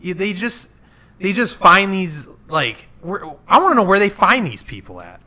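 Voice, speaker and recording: A young man hosting a casual podcast chat, ranting animatedly with lots of fillers. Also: high voice. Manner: animated, ranting, quick bursts with many fillers. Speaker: podcast host.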